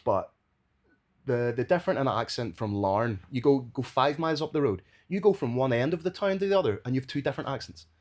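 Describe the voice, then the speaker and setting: Northern irish guy on a podcast, bouncy lively voice, chatty, swears a lot. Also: medium pitch, a little fast. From Northern Ireland. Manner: lively, chatty, swears freely, uses local words. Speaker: guest, sports commentator. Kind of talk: casual podcast chat.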